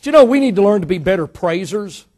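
A man with a noticeably high voice delivers a church sermon. He is middle-aged and emphatic, pressing rhetorical questions and letting his voice climb and drop for effect. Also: animated, fast talker, darkish tone. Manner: emphatic preacher, rising and falling dynamically, rhetorical questions. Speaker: pastor.

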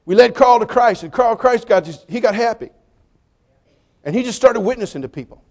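A man preaching a sermon, telling jokey stories with lively swings between loud punchlines and quiet, earnest appeals. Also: very high voice, fairly quick. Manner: animated, joking storytelling with sudden drops to quiet appeals.

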